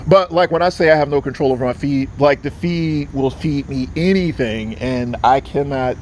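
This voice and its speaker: A man's voice: medium pitch, moderate pace, darkish tone, a little hiss or hum. A man vlogging outdoors in an agitated, profane, rambling way. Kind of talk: casual rambling monologue.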